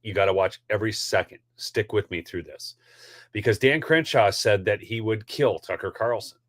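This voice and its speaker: A man's voice: on the low side, normal speed, fairly bright tone, no room sound, clean studio sound. A man hosting a live political commentary show, heated and ranty, often calling his audience "folks". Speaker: host.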